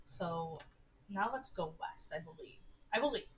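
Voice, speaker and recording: A woman's voice: on the low side, animated, a little slow, slight background noise, poor audio. A young woman streaming a game, chatting playfully with viewers and giggling between lines. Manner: giggly, playful, reads game text aloud. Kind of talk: casual live-stream commentary.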